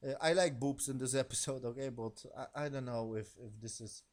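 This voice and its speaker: A man giving a casual spoken review of a TV episode in non-native English, rambling and profane, animated as he retells scenes. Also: medium pitch, brisk.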